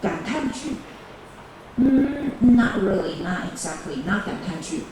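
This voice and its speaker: A woman teaching a bilingual grammar lesson to high school students, repeating key phrases and calling on teams. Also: lively intonation, a little slow, distant mic. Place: large echoey classroom. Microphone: camera recording the class. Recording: echoey classroom video with background noise.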